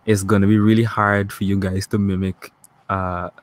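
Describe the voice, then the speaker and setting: A man from Guyana, co-hosting a casual online chat show in a relaxed way. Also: low voice, moderate pace. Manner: relaxed, talks to viewers in the chat.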